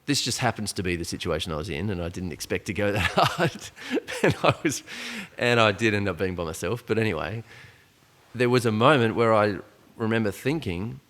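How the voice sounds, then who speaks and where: Podcast guest, male, around 40, deep voice, loose storyteller who keeps restarting. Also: expressive, a little fast, a bit bright. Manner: rambling, full of restarts and "like". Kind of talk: casual storytelling conversation.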